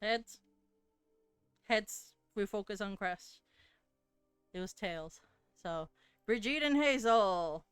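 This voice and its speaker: Woman game master, very smooth clear voice, dry close sound, halting delivery. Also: mid-range voice, animated, no echo, faint music behind. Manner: hesitant, lots of fillers. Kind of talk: narrating a tabletop game.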